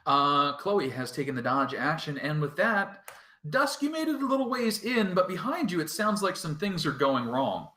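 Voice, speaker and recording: Lively, bright-voiced man as dungeon master. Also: fairly high pitch, moderate pace, roomy sound. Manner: relaxed, laughs often. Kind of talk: narrating a tabletop game.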